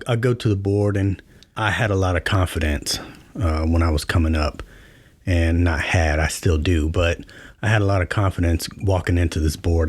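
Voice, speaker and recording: Deep-voiced middle-aged male podcast host, laid-back storyteller, dry close mic. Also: no echo. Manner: relaxed, conversational, many fillers. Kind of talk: casual storytelling monologue.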